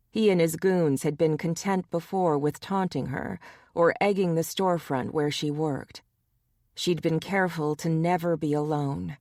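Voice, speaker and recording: A woman narrating a romance audiobook in a measured storytelling way. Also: low voice, darkish tone, no room sound, studio quality.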